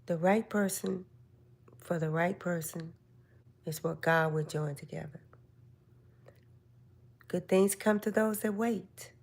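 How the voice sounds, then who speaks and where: Older woman, live stream host; unhurried, lowish, gentle and motherly. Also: steady tone, creaky. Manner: slow, gentle, motherly advice. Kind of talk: casual live stream chat.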